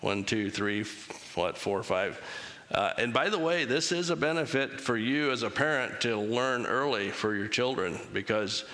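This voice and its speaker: A man's voice: mid-range voice, expressive, unhurried, pushed and bright. A man giving an interactive church talk, casual and joking, asking the congregation to raise hands. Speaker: church speaker. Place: chapel. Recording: long chapel reverb.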